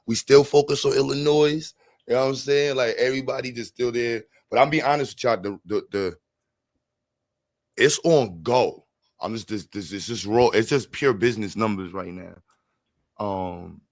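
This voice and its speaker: Energetic New livestream host. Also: male voice, fairly low pitch, dry recording. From New York. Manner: energetic, repeats words, slangy, shouts out chat. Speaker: livestream host raising funds for a school. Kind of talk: casual livestream chat.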